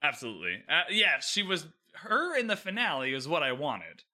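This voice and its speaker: A man co-hosting a podcast, talking casually and at length with lots of fillers and animated retellings. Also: on the high side, normal speed. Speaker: podcast co-host reviewing a TV series. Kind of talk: casual chat.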